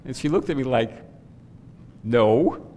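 A middle-aged male pastor delivers a sermon with earnest conviction, lifting his voice on questions to the congregation. His voice sits at an ordinary pitch. The sound carries the long reverb of a church sanctuary, with a faint low rumble beneath. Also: lively intonation, moderate pace, darkish tone.

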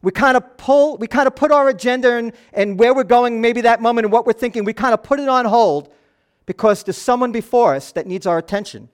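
A middle-aged man preaching a sermon as a pastor, moving between soft, hushed passages and raised, animated ones. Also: extremely high pitch, fairly quick, clean tone.

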